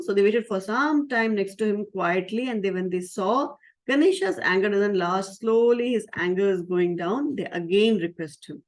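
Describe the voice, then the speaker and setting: A woman who is a spiritual teacher, telling a story to children in a lively way and asking them questions. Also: medium pitch, normal speed. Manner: lively, asks the audience questions.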